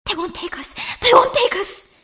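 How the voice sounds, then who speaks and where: Woman voicing a shrill, desperate young girl. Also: lively intonation, extremely slow, a bit bright, no room sound, clean studio sound, full character voice. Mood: frantic. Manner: cries out in shrill, cracking pleas.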